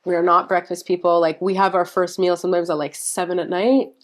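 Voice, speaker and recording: A woman from Montreal hosting a podcast, chatting casually with blunt, profane, animated storytelling. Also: fairly low pitch, fairly quick. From Montreal, Canada. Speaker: podcast host.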